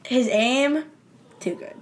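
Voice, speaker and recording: A woman's voice: high-pitched, takes it slowly. Young woman, podcast co-host, thinking aloud, questioning, trailing sentences. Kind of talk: casual chat.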